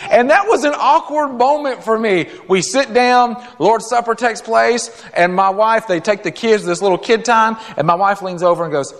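A man preaching a sermon as a guest preacher, telling a story in an animated, conversational way with quick asides and acted-out quotes. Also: high-pitched, long reverb tail. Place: church sanctuary.

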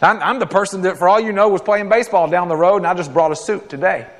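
A man preaching a sermon as a guest preacher, telling a story in an animated, conversational way with quick asides and acted-out quotes. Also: sits high, long reverb tail. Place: church sanctuary.

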